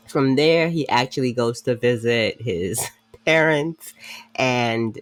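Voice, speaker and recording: A woman's voice: a bass voice, expressive, slow pace, dry recording. A woman hosting a podcast, recapping a drama episode in a chatty, wry way and saying "like" often. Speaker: podcast host. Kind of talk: casual drama recap commentary.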